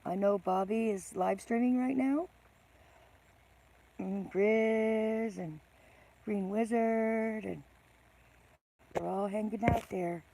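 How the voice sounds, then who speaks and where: Slow-talking woman chatting with her stream. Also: medium pitch, vocal fry, mellow. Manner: chatty, greets viewers by name, self-teasing. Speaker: live streamer. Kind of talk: casual live stream chat.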